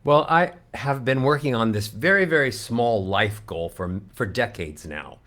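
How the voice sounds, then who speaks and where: A man's voice: measured pace, fairly bright tone. A man coaching as a vocal coach on a radio show, upbeat and encouraging. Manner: sings scales up into a very high head voice. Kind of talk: guest coaching on a radio show, singing warm-up scales.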